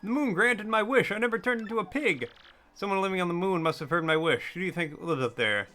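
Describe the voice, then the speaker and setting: A dreamy young villager from a video game, voiced by a man in a raised pitch. Wondering and wistful, with a bright, lively lilt. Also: quick pace.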